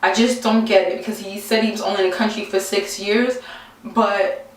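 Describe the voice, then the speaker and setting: A young woman tells a story casually to her camera, animated and exasperated, acting out what people said. Her voice sits at a middle pitch. The room is very echoey and the mic is well away from her. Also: normal speed, recorded from a distance. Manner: animated, exasperated, acts out quotes. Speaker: vlogger.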